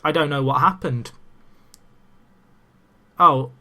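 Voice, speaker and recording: This gaming commentator, a young man, keeps a moderate pace and mid-range pitch as he talks into a desk mic. His let's-play commentary is casual, chatty, and excitable, peppered with jokes about himself.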